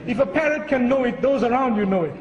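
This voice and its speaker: High-voiced man preaching in an echoey hall. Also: animated, fast, dull audio. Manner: earnest, storytelling. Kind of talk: sermon with a humorous story. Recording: echoey hall, far from the mic.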